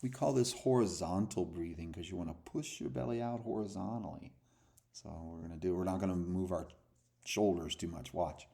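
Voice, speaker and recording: A man working as an anxiety counselor, guiding listeners through calming breathing in a soft, slow, soothing way that often sinks to a near whisper. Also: low-pitched, creaky. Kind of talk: guided breathing and calming talk.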